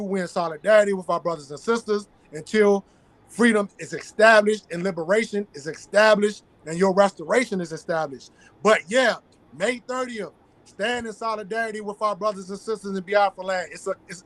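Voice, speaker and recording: This guest activist has a Southern American accent and a high, somewhat bright voice that moves fairly quickly. Throughout the interview he presses his points hard and keeps repeating the central phrases.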